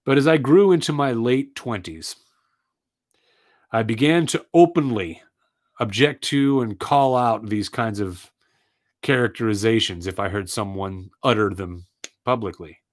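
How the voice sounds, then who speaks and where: A man's voice: medium pitch, a little slow. A man giving an earnest personal monologue, telling his story with indignant, emphatic repetition.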